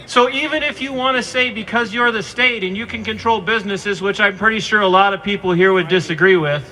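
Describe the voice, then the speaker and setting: A man delivers a fervent rally speech outdoors through a handheld microphone. His voice sits high and pushes hard with a tense, forceful edge. A crowd murmurs faintly behind him. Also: a little fast, slight background noise. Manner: fervent, addresses the governor directly, rises to shouts. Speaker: protest speaker. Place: outdoor street protest.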